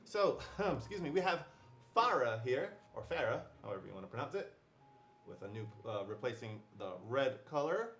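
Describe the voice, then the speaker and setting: A man's voice: very animated, normal speed, fairly bright tone, roomy sound. Playful man hosting a live unboxing. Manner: playful, jokey home-shopping pitch. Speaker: host.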